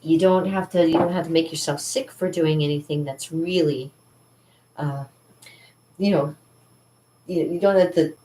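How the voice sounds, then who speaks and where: A chatty woman painter talks her way around her art studio, rambling cheerfully and laughing often. Her voice sits a little low and reaches the mic from across the room. The room rings with a roomy echo. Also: fairly even intonation, normal speed, pauses often, dark tone, recorded from a distance, a little hiss or hum. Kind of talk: casual studio vlog. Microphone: camera mic, moving around the room.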